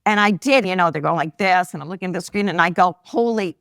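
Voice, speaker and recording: Animated storytelling woman in her sixties. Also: on the low side, fast, no room sound, clean studio sound. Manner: animated anecdotes, acts out quoted voices. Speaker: guest investor. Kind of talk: live podcast interview storytelling. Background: live audience laughter.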